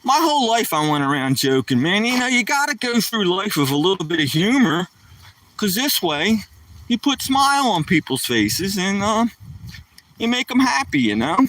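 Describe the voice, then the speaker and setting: A man's voice: sits high, very animated, normal speed, a bit bright, no room sound. A middle-aged man rambling and joking casually on a live stream, somewhat far from the mic.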